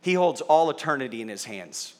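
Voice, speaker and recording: A man's voice: mid-range voice, expressive, brisk. A middle-aged man, a pastor, teaching a sermon in a conversational way, checking in with his audience and teasing the room. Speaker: pastor teaching a Bible study.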